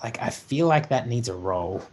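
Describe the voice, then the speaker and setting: A man's voice: mid-range voice, expressive, moderate pace, a little mellow, a little hiss or hum, poor audio. A man narrating a tabletop game as game master, rambling with lots of ums and likes.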